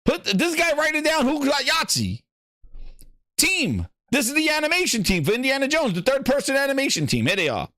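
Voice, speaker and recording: A man's voice: very high-pitched, huge pitch swings, brisk, pushed and bright, dry recording, studio quality. A man hosting a gaming show, riffing in a profane, mocking, rambling way as casual reaction commentary.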